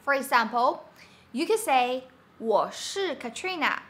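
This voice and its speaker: A woman's voice: sits high, animated, unhurried, fairly bright tone. A woman teaching a Mandarin grammar lesson online, upbeat and explaining patiently with example sentences.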